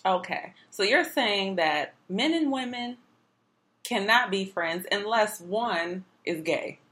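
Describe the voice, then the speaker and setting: A woman's voice: medium pitch, expressive, slow, fairly bright tone. A woman from Detroit co-hosting a podcast, chatting casually in a laid-back, teasing way. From Detroit, USA. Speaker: podcast co-host. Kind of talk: casual chat.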